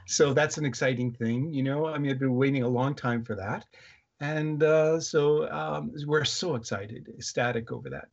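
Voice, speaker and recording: A middle-aged man, a guest on an interview show, recounting a dream experience in a halting way with many fillers and restarts. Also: mid-range voice, vocal fry. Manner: halting, many fillers and restarts, quotes voices while telling a story. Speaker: guest, electronics inventor. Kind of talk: casual interview storytelling. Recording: slightly muffled lo-fi audio.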